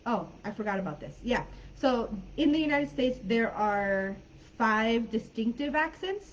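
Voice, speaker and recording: A woman's voice: a little high, animated, unhurried, highs cut off. A woman with a Californian accent, an English teacher talking through a live online class in a friendly, chatty way with plenty of fillers.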